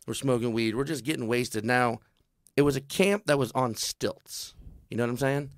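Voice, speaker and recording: A man's voice: medium pitch, moderate pace, dry recording, clean studio sound. A man telling a comedy story in casual talk, acting out the voices of the people in it.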